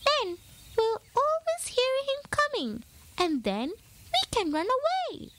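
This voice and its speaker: A woman's voice: very high-pitched, wildly swooping pitch, measured pace, noisy background, voice pushed up, full character voice. A woman voicing Pip, the youngest and smallest mouse, a young male who is eager and determined.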